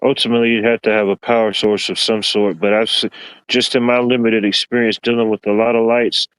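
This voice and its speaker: A man hosting a casual podcast discussion, reasoning aloud in a measured, hedging way and repeating himself often. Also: on the low side, flat delivery, fairly bright tone, clean tone, no echo, low-quality recording.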